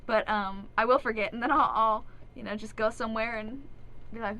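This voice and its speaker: A woman's voice: on the high side, steady tone, a little fast, pushed and bright, slight background noise, poor audio. A young woman, an actress and singer, chatting earnestly and giggling as a guest in a radio studio interview. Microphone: studio microphone.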